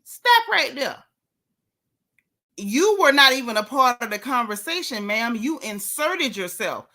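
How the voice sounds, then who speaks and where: A woman's voice: on the high side, bright, forceful tone. Sassy, scolding woman gossip host. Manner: sassy, scolding, fires off rhetorical questions. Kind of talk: casual gossip commentary.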